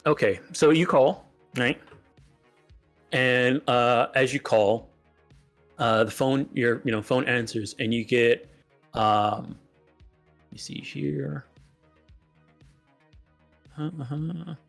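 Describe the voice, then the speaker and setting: A man narrating a tabletop role-playing game as its game master. His voice sits at a middle pitch, and he talks haltingly, stopping and restarting as he explains the rules. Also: vocal fry, soft background music. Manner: halting, many fillers and restarts.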